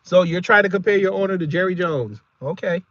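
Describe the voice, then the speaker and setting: A man hosting a casual reaction video, talking in an animated, slangy way and laughing often. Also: high-pitched, brisk, dry recording, dull audio.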